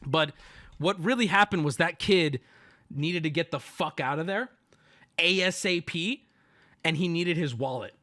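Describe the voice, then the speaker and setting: A man's voice: fairly high pitch, measured pace, long pauses. A man telling a family story on his stream in a casual, profane, joking way. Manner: animated, profane, jokey.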